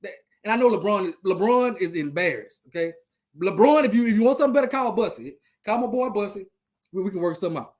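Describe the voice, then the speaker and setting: A man's voice: high-pitched, lively intonation, fast talker, a little mellow. A man hosting a live sports talk stream, rambling loosely and trash-talking the teams. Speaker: podcast host.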